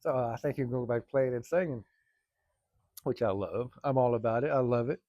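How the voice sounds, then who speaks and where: A man's voice: mid-range voice, brisk, mellow, dry recording, dull audio. A middle-aged man, casually telling a rambling, folksy story to his viewers from work. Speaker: vlogger. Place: workplace, early morning.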